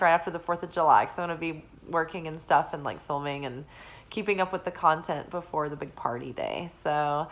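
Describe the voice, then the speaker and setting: A young adult woman giving a casual weekly oracle card forecast, talking in a relaxed, meandering way with lots of fillers. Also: lowish voice, low-quality recording. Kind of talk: casual spiritual forecast chat.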